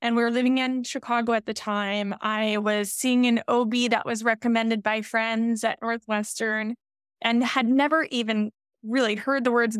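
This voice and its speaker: A woman's voice: a little high, smooth, dry recording, studio quality. A pregnant woman, a podcast guest, candidly and emotionally recounting her path through pregnancy loss to midwifery care. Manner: candid, emotional, animated quoting of others. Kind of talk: emotional personal storytelling.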